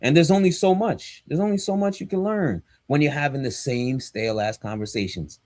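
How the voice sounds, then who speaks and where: A man's voice: fairly high pitch, fairly quick, darkish tone, no room sound. A man, a pastor and podcast co-host, talking in a casual but preachy, emphatic and slangy way. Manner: emphatic and fired up, slangy and direct.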